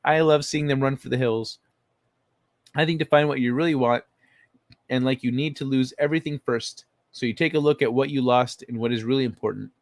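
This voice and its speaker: A livestream host reads chat messages and riffs on them with blunt, profane remarks in his own casual voice, which is neither high nor low. He talks a little fast with a steady tone, and the audio is close and dry with no room echo.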